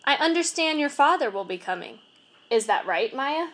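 A calm male school principal lays out policy in formal, measured words, voiced by a woman reading aloud. The delivery is high-pitched with a lively lilt. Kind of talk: storybook reading.

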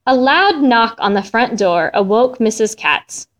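A woman reading a children's story aloud with an expressive, melodic delivery. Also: fairly high pitch, a little slow. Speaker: storybook reader.

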